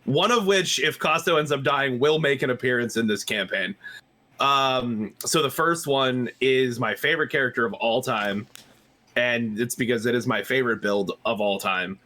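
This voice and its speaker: A man with a bright, forward voice talks about tabletop game characters in a casual chat. He laughs a lot and gets excited as he goes. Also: mid-range voice, moderate pace. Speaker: player.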